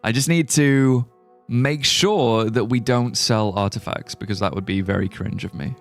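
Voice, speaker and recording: A man's voice: medium pitch, moderate pace, soft background music. A man with a British accent, born in Singapore, chatting playfully and joking with viewers while playing a game on a livestream. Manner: playful, jokey, muses aloud, drops into mock accents. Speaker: streamer. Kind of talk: casual livestream chat while gaming.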